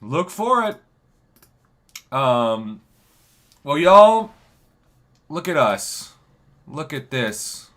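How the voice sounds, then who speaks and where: A hoarse man hosting a casual livestream, upbeat and thanking his viewers. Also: mid-range voice, sing-song, extremely slow, long pauses, sharp tone. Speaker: livestream host.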